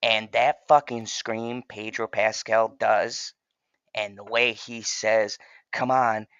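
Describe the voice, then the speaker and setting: A passionate man talks through a TV review in a casual, profane and emphatic way. His voice has a gravelly edge and a bright, forceful tone. The recording is dry and somewhat dull and lo-fi. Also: lowish voice, flat delivery, slow, no echo. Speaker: TV show reviewer and channel host.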